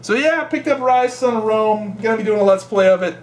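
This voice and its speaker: A man's voice: high-pitched, a little fast, a little hiss or hum. A young man telling a rambling, swear-filled story in a casual vlog. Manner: rambling, swears a lot, laughs while telling. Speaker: gaming vlogger.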